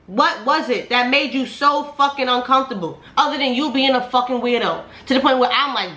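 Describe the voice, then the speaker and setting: A young woman vlogger telling a heated storytime, profane and animated, her voice climbing higher when she gets worked up. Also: a little fast, few pauses. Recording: echoey room with faint music.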